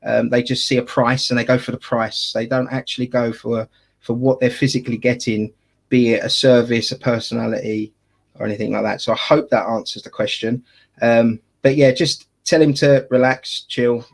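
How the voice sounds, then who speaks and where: A man's voice: mid-range voice, fairly even intonation, moderate pace, creaky. A man with an Essex accent, chatting casually as a wedding photographer and podcast co-host, jokey and full of fillers and restarts. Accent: Essex English.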